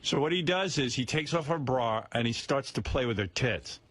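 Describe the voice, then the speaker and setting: A man's voice: mid-range voice, lively intonation, normal speed, fairly bright tone, dry recording. A male radio host in a studio, telling a crude, rambling story and often breaking into laughter.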